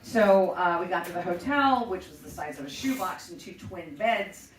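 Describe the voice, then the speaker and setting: A woman's voice: lowish voice, animated, moderate pace, echoey room, far from the mic, low-quality recording. A middle-aged woman hosting a show, telling a personal story in a chatty, profane, self-mocking way. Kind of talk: casual storytelling.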